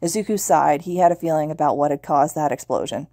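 A woman's voice: sits low, warm tone, dry recording, studio quality. A woman reading fan fiction aloud in a casual narrating manner. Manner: quick, casual narration with slips. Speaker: podfic reader.

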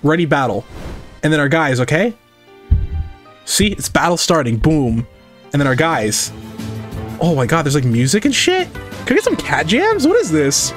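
A man's voice: big pitch swings, normal speed, long pauses. A young man chatting on a live art stream, joking, swearing and mocking himself and his chat. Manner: mocks chat in high squeaky voices. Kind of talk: casual livestream chat. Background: faint music.

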